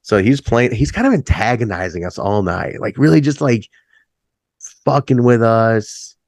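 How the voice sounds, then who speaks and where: A middle-aged man in a band, telling stories in a casual chat. He is laid-back, swears freely, says "like" a lot and jumps higher when he acts out a story. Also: big pitch swings, moderate pace, darkish tone, no room sound. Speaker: band musician, interview guest.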